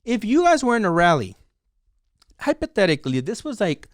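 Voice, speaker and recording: A man's voice: high-pitched, wildly swooping pitch, brisk, dry recording, studio quality. A man from San Diego hosting his own vlog, giving heated opinionated commentary full of "like" and "you know". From San Diego, California, USA. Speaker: vlog host.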